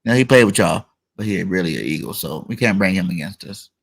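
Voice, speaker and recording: A man's voice: low voice, expressive, fairly quick, vocal fry, slightly rough. A man hosting a casual football talk stream, hyped and playful, reading chat comments and debating a rival fan. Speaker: show host. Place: online live stream.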